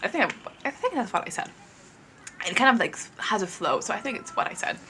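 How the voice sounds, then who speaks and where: Young woman vlogger, crisp bright tone, chatty and rambling, talks to camera from home. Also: mid-range voice, a little fast, a little hiss or hum. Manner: rambling, filler-heavy, animated retelling. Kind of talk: casual storytime chat to camera. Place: at home, moving between rooms.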